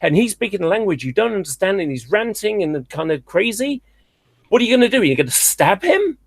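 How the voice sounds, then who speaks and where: A man hosting a call-in debate, challenging a caller in an exasperated, animated way. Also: high-pitched, a little fast, no echo. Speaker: host.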